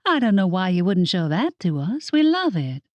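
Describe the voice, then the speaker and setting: A woman's voice: lowish voice, big pitch swings, normal speed, dry recording, dull audio. Earnest young heroine, voiced by a woman.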